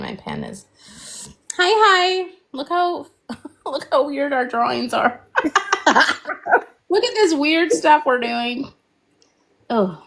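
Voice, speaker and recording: A woman with a gravelly, croaky voice that is half gone from being sick, chatting in a loose, giggly way while she paints on a live stream. Her pitch bounces around a lot as she talks. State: losing her voice from illness. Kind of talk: casual chat while painting.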